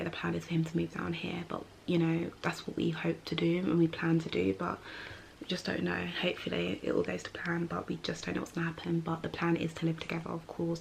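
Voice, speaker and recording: A woman's voice: lowish voice, creaky, a little mellow. A young woman from England, chatting candidly through a casual question-and-answer vlog, filmed outdoors at dusk on a camera held close. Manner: chatty, candid, filler-heavy. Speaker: vlogger. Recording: faint background noise.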